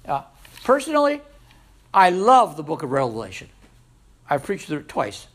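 A man preaching a sermon as a pastor, with sudden loud rises and soft drops. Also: on the high side, wildly swooping pitch, moderate pace.

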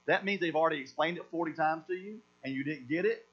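A man's voice: on the high side, fast, husky. Pastor man preaching on a lo-fi recording. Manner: animated, acts out quoted voices, repeats words. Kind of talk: sermon. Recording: dull lo-fi recording with mains hum.

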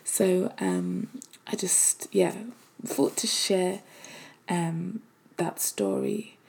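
Woman giving a faith testimony: soft, hesitant delivery with a gravelly, mellow tone. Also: on the low side, steady tone, drawn-out words. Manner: soft-spoken, often dropping to a breathy half-whisper; hesitant, with many fillers. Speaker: mother sharing a faith testimony. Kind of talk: personal testimony.

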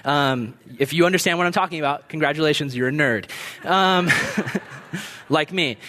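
A young man with a notably high voice preaches to his congregation. He talks in a casual, storytelling way, slipping into the voices of the people in his stories. The delivery feels like a relaxed sermon rather than a formal address. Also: normal speed. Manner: conversational storytelling preaching, acts out quotes. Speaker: pastor.

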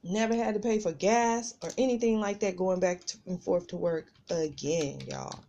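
A woman's voice: mid-range voice, measured pace, warm tone. A woman hosting a podcast, telling a personal story in a chatty, casual way and talking straight to her listeners. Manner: chatty, addresses listeners as "y'all". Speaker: podcast host.

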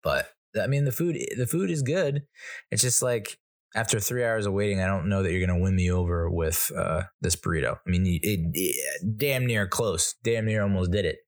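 A man's voice: low-pitched, normal speed. A middle-aged man hosting a podcast, telling a rambling, self-correcting funny story and chuckling at his own jokes. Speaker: podcast host. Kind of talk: casual storytelling monologue.

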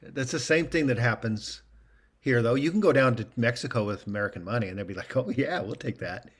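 A man chatting casually as a guest, relaxed and agreeable. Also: medium pitch, fast. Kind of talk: casual chat.

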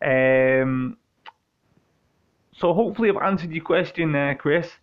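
British male host, higher-pitched voice, swears freely, rambles and restarts; muffled lo-fi recording. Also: measured pace. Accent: British English. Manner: profane, joking, meandering, with frequent restarts. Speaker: podcast host answering listener questions. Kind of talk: casual rambling monologue.

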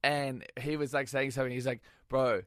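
A man guesting on a podcast, telling stories in animated casual chat, swearing and laughing, on a close studio mic. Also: medium pitch, normal speed, clean tone, no echo.

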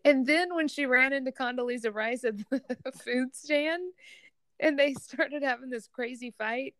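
A woman's voice: high voice, a little slow, fairly bright tone, clean tone, dry recording, studio quality. A woman chatting casually about a TV show, chatty and giggly. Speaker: podcast co-host.

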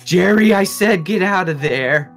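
A man's voice: high voice, expressive, unhurried, a bit bright, soft background music, voice pushed up, exaggerated voice. A man voicing a fussy, doting middle-aged mother in a tabletop game, with a raised, scolding voice.

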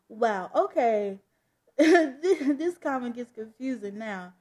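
A woman's voice: on the high side, lively intonation, takes it slowly, darkish tone. A woman reading a comic aloud and chatting casually about the story, laughing at it. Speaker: comic book reader. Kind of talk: casual read-along commentary.

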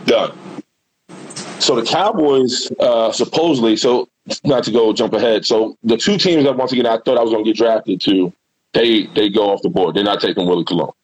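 A middle-aged former football player, appearing as a guest, tells a rambling, animated story in casual talk and swears freely. His voice is fairly low and husky at a moderate pace, on a dry, rough recording.

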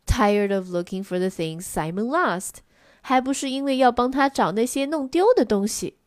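A woman reading a children's storybook aloud in two languages, in a gentle, expressive read-aloud manner. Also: medium pitch, no room sound, studio quality. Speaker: storyteller for children's English lessons.

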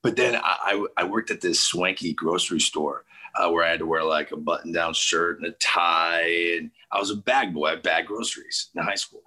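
Deep, husky man telling stories. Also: moderate pace. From St. Louis, USA. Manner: lively storyteller who acts out quoted people. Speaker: sports TV host as guest. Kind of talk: casual interview storytelling.

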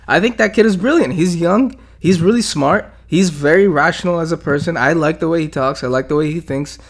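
A young man with a somewhat high-pitched voice trades casual, profane banter as a podcast co-host. He rambles, restarts his sentences and jokes around, teasing the other host. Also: fairly quick.

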